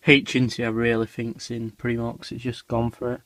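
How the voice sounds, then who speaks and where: A man's voice: medium pitch, completely flat delivery, normal speed, fairly bright tone, dry recording. A man casually narrating a tarantula feeding vlog, rambling with lots of ums and dropping his voice near the animals. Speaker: tarantula keeper filming feedings.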